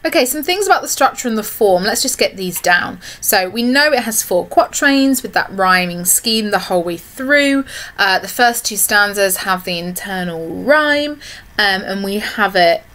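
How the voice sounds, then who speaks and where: Female teacher, video lesson narration, steady explanatory delivery, often checks in with "okay". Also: medium pitch, moderate pace. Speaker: English literature teacher. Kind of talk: recorded online lesson.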